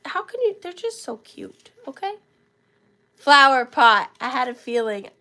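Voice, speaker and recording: A woman's voice: high-pitched, sing-song, measured pace, pushed and bright. A woman hosting a live-stream sale, chatting fondly with viewers and thanking them by name while she feels a bit unwell. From southern United States. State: feeling unwell. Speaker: live-stream auction host. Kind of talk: casual live-stream selling chat. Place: home workspace.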